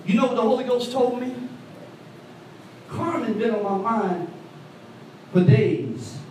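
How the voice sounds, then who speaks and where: A man preaching an animated call-and-response sermon, recorded from a distance in a church. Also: unhurried, slight background noise. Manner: animated call-and-response preaching, voice swooping high for quoted women. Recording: echoey hall, mic from afar.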